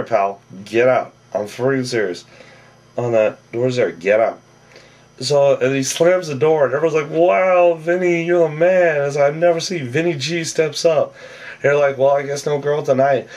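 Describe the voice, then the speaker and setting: A man giving a casual, rambling episode recap, often tacking on "on that" and acting out quoted lines in a higher, louder voice. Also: far from the mic. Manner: rambling, with a habit of "on that". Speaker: reality TV recap vlogger.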